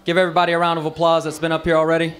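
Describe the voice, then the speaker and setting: A man's voice: fairly high pitch, completely flat delivery, rapid-fire, a crowd in the background. Southern man doing stand-up. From American South. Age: 30s. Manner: loose, profane storytelling with drawled asides. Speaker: stand-up comedian. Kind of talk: stand-up comedy set. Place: bar open mic stage.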